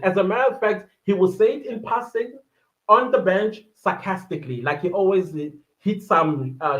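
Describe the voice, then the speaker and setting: A South African woman hosting a casual livestream, reading viewer comments aloud in a chatty, animated way with quick asides. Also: medium pitch. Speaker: livestream host. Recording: dull lo-fi livestream audio.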